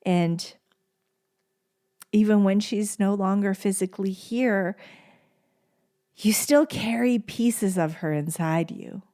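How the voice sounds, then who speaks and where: A woman hosting a podcast, speaking in a gentle, soft-spoken and tender way and repeating phrases for emphasis in a heartfelt solo monologue. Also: mid-range voice, slow, pauses often. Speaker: podcast host.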